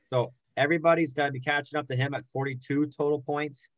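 A man's voice: fairly high pitch, steady tone, fast talker, no room sound, poor audio. A young man hosting a casual sports podcast, joking as he reads out names and standings. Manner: jokey, rattles off names and standings. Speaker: podcast host.

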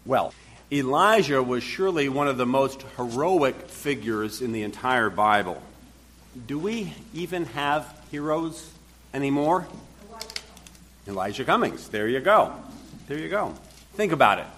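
A man's voice: medium pitch, expressive, measured pace, a bit bright, slight background noise. A male pastor reading a long scripture passage aloud with dramatic emphasis, then starting his sermon.

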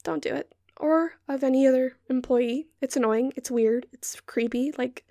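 A woman's voice: on the high side, creaky, darkish tone, no room sound, clean studio sound. A young woman hosting a podcast, ranting in an exasperated, sarcastic and sweary way. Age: young adult. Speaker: podcast host. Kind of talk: ranting monologue.

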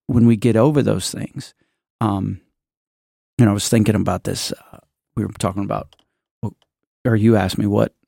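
A man's voice: fairly low pitch, creaky, dark tone, no room sound, studio quality. A man hosting a casual church podcast, rambling through a story with many restarts and asides. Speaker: podcast host.

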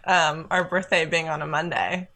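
Bright, laughing woman podcast co-host. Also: deep voice, normal speed. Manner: laughs often, animated storytelling. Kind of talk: casual chat.

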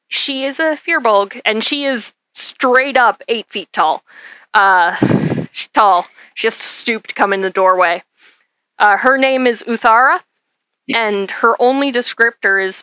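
Woman game master, slow relaxed narration, bright. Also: fairly high pitch, clean tone, no room sound, low-quality recording.

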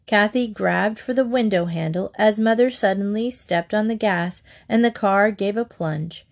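A woman narrating a children's chapter book in a steady, expressive read-aloud. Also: mid-range voice, moderate pace, creaky, few pauses.

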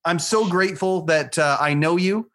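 Higher-voiced effusive male podcast host. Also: normal speed, fairly bright tone. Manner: effusive, repeats praise and thanks. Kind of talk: podcast interview.

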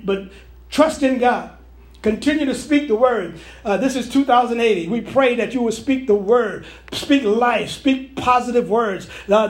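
A man, a pastor, preaching a prophetic sermon to online viewers, repeating and restarting phrases as he goes. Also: very high voice. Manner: preachy, repetitive, stammering restarts.

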